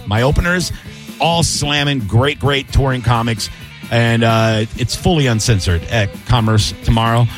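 A man hosting a casual sports radio talk show, telling animated, jokey stories and acting out quotes. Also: mid-range voice. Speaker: radio host and comedian.

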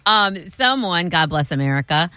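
A woman co-hosting a radio show, chatting in an excitable, rambling, playful way. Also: fairly low pitch, moderate pace, clear, resonant tone, no room sound. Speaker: radio co-host. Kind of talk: casual radio chat.

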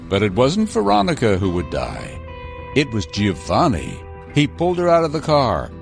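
A man narrating a news feature in a scripted, measured, dramatic storytelling manner. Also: mid-range voice, wildly swooping pitch, vocal fry, music in the background.

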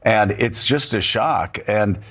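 Man, talk show host, low voice, husky, emphatic, sarcastic asides. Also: slow pace, fairly bright tone. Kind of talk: political talk show discussion.

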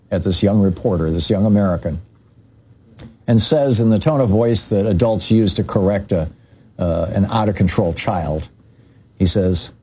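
A man hosting a radio talk show, giving political commentary and telling anecdotes in a loose conversational way, full of fillers and restarts. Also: husky. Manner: conversational, many "you know" fillers and restarts; lively storyteller, jumps pitch for emphasis.

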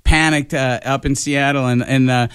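A man's voice: mid-range voice, steady tone, moderate pace, a bit bright, smooth, no room sound. A middle-aged man, a filmmaker guest in a radio studio, telling stories casually with many stammers and fillers.

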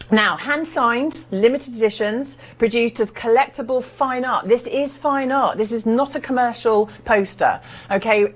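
Enthusiastic woman art sales presenter. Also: a little high. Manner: enthusiastic persuasive selling. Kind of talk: TV sales pitch.

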